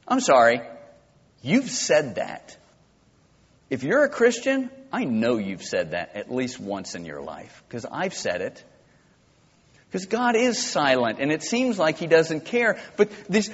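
A male pastor preaching a sermon, impassioned and swinging from quiet to loud. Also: a little high, very animated, slow pace, breathy edge. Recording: dull lo-fi with long church reverb.

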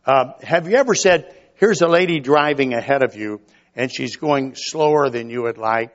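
A man's voice: mid-range voice, normal speed, highs cut off. An older man preaching a sermon in a folksy storytelling manner, acting out little quoted lines along the way.

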